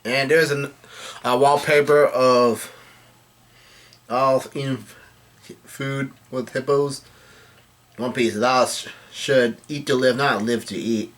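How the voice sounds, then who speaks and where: A man with a mid-range, fairly even voice casually reads through a comic chapter, relaying the characters' lines plainly. His delivery is halting, and he often corrects himself as he goes.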